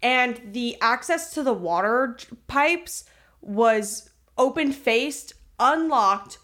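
A young woman co-hosting a podcast, telling a story in a casual, animated and profane way. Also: on the high side, slow pace. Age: young adult. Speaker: podcast co-host. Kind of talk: casual chat.

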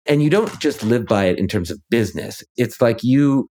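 A man's voice: mid-range voice, lively intonation, moderate pace, dark tone. A man who is a ghostwriter and author, a guest in a casual conversation, talking through his ideas reflectively with many fillers.

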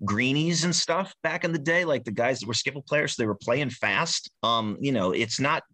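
A man's voice: mid-range voice, expressive, moderate pace, pushed and bright, no room sound. A man on a casual music podcast, rambling and joking with many restarts. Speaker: podcast co-host.

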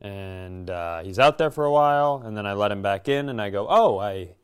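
Smooth-voiced man telling a rambling story. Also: lowish voice, a little fast. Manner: rambling storyteller, animated, swearing. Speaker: podcast co-host. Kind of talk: casual chat.

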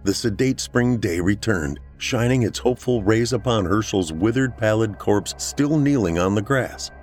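A man hosting a podcast, reading a horror story aloud in a measured, dramatic way. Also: fairly low pitch, expressive, a little mellow, faint music behind. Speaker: podcast host and narrator. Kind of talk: scripted horror story narration.

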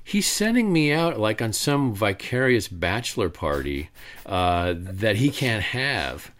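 A man's voice: lowish voice, big pitch swings, slow pace, fairly bright tone. A middle-aged man telling a rambling anecdote to an audience, with many restarts and fillers. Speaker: author giving a talk.

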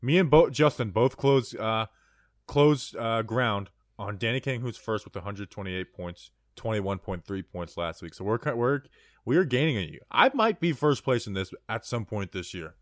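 A man hosting a casual sports podcast, briskly moving between segments and recapping standings. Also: fairly low pitch, animated, no echo, studio quality. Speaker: podcast host.

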